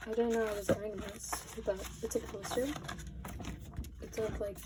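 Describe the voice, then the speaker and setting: Sitting at her desk in a small room, a young woman unboxes albums with casual commentary, gushing excitably in a shaky, mid-range voice at a moderate pace that often drops to a near whisper. The recording is very noisy.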